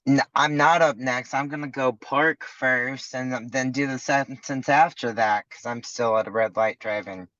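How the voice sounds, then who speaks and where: A man's voice: mid-range voice, fairly even intonation, moderate pace, hardly any pauses, pushed and bright, no room sound. A man calls in from his car, speaking casually and bluntly with a joking edge. The sound is dull and distant, dry, and picked up from some way off the phone. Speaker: student. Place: car, stopped at a red light. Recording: dull, distant call audio.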